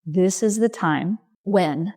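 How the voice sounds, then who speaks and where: Middle-aged woman, lowish voice, soft reassuring podcast coach, slow short phrases. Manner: gentle, reassuring, speaks slowly in short phrases. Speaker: leadership coach and podcast host. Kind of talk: reflective solo podcast talk.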